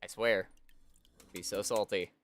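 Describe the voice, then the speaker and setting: A man streams a video game and comments casually as he goes. He talks slowly in a somewhat low voice, chatting to the character on screen and poking fun at his own mistakes. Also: fairly even intonation, fairly bright tone, slight background noise. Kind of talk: casual let's-play commentary.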